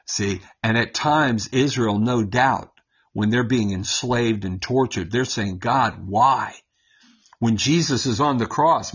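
A man teaching from the Bible to his co-hosts in a lively, conversational way, often checking in with a quick "right?" and laughing as he explains. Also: medium pitch, husky, highs cut off. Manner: animated, keeps asking "right?" and laughs while explaining. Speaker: Bible teacher on a talk show.

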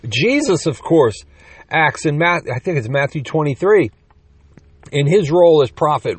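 A man's voice: fairly high pitch, animated, unhurried, darkish tone, no room sound. A man preaching a sermon in a conversational teaching manner, with rhetorical questions and quips, growing emphatic on key points.

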